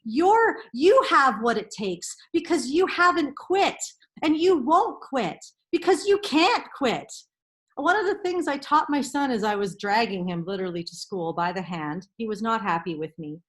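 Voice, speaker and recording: A woman's voice: on the high side, lively intonation, moderate pace, fairly bright tone. A middle-aged woman counsellor giving an earnest, emphatic motivational talk to parents, repeating key phrases.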